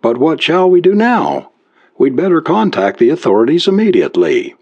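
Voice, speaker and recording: A man's voice: fairly high pitch, sing-song, moderate pace, darkish tone, pitched above the performer's own voice. A man voicing a frightened young woman stranded on a yacht at night, speaking in anxious, urgent questions. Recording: muffled lo-fi recording.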